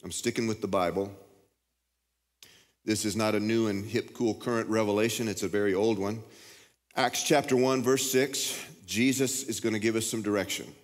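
Fiery Texan pastor in a big hall. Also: male voice, fairly even intonation, normal speed. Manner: fiery, emphatic preaching with big pitch jumps. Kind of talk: sermon. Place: large church hall. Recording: reverberant church hall.

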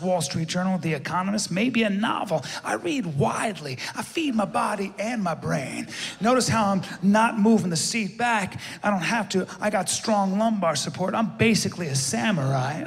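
A man telling a stand-up story in a cocky, self-mocking way, with animated voices for the people in it. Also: high-pitched, vocal fry, in a large hall. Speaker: stand-up comedian.

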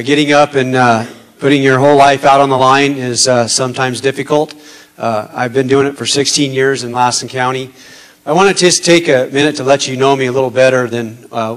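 Male candidate, earnest and halting debate speech, mid-range pitch. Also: poor audio. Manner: halting, many filler pauses; earnest, gets emotional. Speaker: political candidate. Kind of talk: debate statement.

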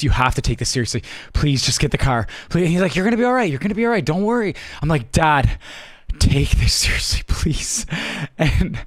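Animated young man telling a story. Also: a little high, no room sound, studio quality. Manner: animated, rushed retelling with many restarts and acted quotes. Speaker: streamer and vlogger. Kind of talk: casual storytelling to camera.

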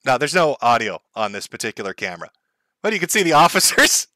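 A man's voice: mid-range voice, big pitch swings, quick pace, sharp tone, dry recording. A man hosting a live stream, giving sarcastic, mocking commentary and laughing often. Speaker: streamer host.

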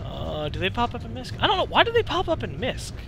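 A young man rambling through casual gameplay commentary, excitable and profane. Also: very high voice, quick pace, creaky, noisy background. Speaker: let's play gamer.

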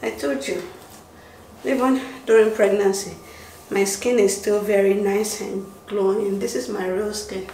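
A woman in her thirties chatting excitedly to her phone camera at home in a casual vlog, stopping and restarting her sentences. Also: mid-range voice, a little slow, a little hiss or hum. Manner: chatty, excitable, self-interrupting. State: out of breath. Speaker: vlogger.

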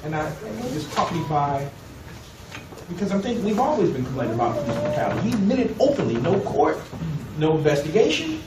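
A man in a class discussion who speaks haltingly and restarts his sentences. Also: a little high, big pitch swings. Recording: echoey room from far off, noisy.

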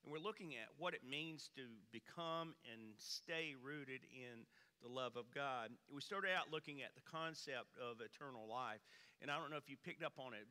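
A pastor preaches in a church sanctuary, spinning a funny story in his sermon like a folksy storyteller. He animates it with big swings in pitch and volume, his very bright, forceful voice echoing with a long reverb across the hall.

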